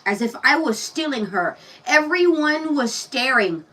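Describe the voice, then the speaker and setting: A woman's voice: high-pitched, expressive, unhurried, fairly bright tone, recorded from a distance, rough recording. A woman giving a casual tarot reading, telling a personal story and talking bluntly and profanely straight to the viewer. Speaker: tarot reader.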